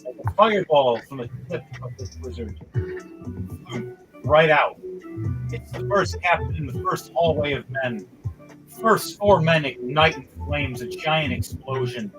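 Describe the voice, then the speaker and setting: A man running a tabletop game as game master, narrating vivid action with sudden excited outbursts. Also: on the high side, measured pace, music in the background, poor audio.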